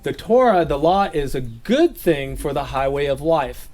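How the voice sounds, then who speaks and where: A man's voice: a little high, lively intonation, measured pace, darkish tone. A man raised in Southern California giving an informal, conversational Bible teaching, laughing at his own jokes.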